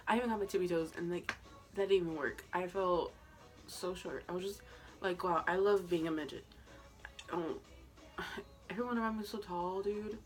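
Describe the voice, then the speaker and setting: In a laid-back vlog, a young woman recounts a story with chatty excitement, plenty of fillers, and free swearing. She's a vlogger whose voice is on the low side.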